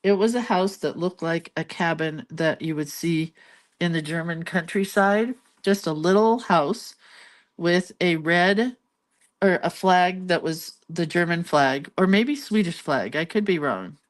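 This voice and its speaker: A woman's voice: fairly low pitch, measured pace. A woman hosting a craft channel, telling a rambling story in casual chat and laughing between lines. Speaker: lettering and doodling channel host.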